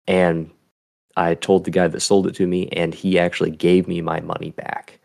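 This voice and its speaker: A man's voice: sits low, little pitch movement, normal speed, gravelly, darkish tone. A young man talking as a podcast guest, earnest and easygoing, rambling a little. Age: young adult. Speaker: guest, bait builder. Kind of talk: casual chat.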